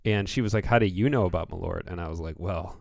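A man's voice: low-pitched, quick pace, gravelly, no echo, studio quality. A man from Michigan co-hosting a podcast, telling rambling stories in casual chat with frequent restarts. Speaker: podcast co-host.

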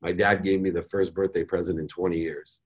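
A middle-aged man speaks as a guest on a podcast, recounting his own life lessons. His voice sits on the low side, and his delivery is candid and animated, with casual words like "man" and "dude" scattered through it. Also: fairly quick, husky, dull audio. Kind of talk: personal storytelling in an interview.

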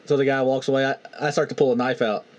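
A man's voice: mid-range voice, level tone, fast talker, dull audio. A man playing a tabletop game, briefly and offhandedly describing his character's actions. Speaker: player.

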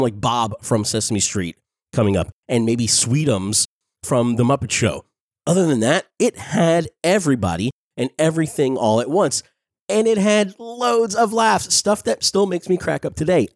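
Excited man gushing in a dry room. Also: mid-range voice, no echo. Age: 40s. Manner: excited, quick, laughing often. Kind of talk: casual enthusiastic review.

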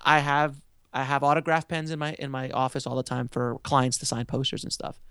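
A man guesting on a podcast, telling an animated, self-mocking anecdote and laughing often. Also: mid-range voice, a little fast, clear, resonant tone, no room sound, clean studio sound. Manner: animated, excitable storyteller who laughs often. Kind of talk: casual interview storytelling.

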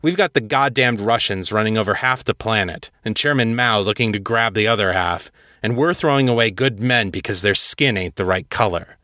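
A man's voice: lowish voice, moderate pace, pushed and bright, no room sound. A man voicing a blunt, commanding older Air Force colonel who swears freely and talks dryly. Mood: angry. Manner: profane, commanding, dry.

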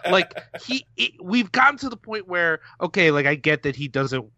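A man co-hosting a casual podcast, animated and jokey, swearing freely. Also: high-pitched, normal speed, gravelly, no room sound. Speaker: podcast co-host.

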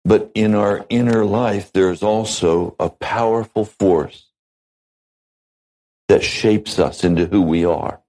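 A man preaching a sermon as a pastor, measured and deliberate, with long pauses between phrases. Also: fairly low pitch, a little mellow, poor audio.

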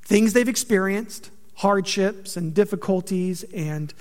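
A man preaching a sermon, conversational and joking, with animated delivery. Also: sits high, slow, big-room sound. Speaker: pastor.

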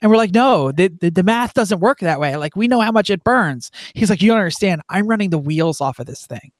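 A man's voice: sits high, animated, brisk, no echo. Man telling a story, dry sound. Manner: rambling, filler-heavy, restarts often. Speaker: racing team member, guest. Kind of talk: casual storytelling.

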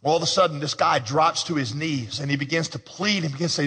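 A male pastor delivers his sermon in a conversational storytelling manner and tosses in humorous asides. His voice is bright and a bit husky. A long reverb from a large hall trails each phrase. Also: a little high, fast, hardly any pauses.

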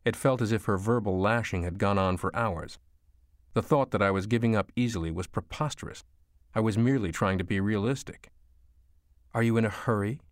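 A man narrating an audiobook in the first person at a measured, steady pace. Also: fairly low pitch, no echo, clean studio sound. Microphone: studio mic.

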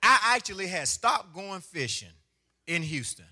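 A man preaching a sermon as pastor, swinging from hushed phrases to loud, half-sung lines. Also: sits high, big pitch swings, a little slow.

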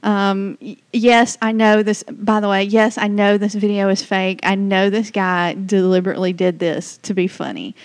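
A woman's voice: medium pitch, steady tone, normal speed, few pauses, dry recording. Chatty Southern woman podcast host. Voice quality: rambling, restarts a lot, chatty. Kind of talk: casual unscripted podcast chat.

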